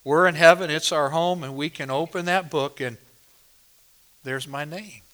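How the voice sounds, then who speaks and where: A man's voice: fairly high pitch, normal speed, a bit bright. A male pastor preaching a sermon at a church service, emphatic and driving home points by repeating phrases.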